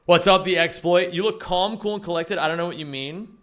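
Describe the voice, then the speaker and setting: A man's voice: sits high, fairly quick, a bit bright. A young man live-streaming a game, joking around casually and greeting viewers by name. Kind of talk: casual live-stream chat while gaming.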